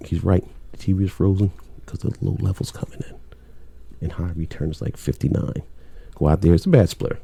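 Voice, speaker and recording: A man's voice: low-pitched, steady tone, brisk, gravelly, warm tone, a little hiss or hum. A middle-aged man, a cable technician, telling work stories in a blunt, laid-back way with plenty of swearing. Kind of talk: casual storytelling chat.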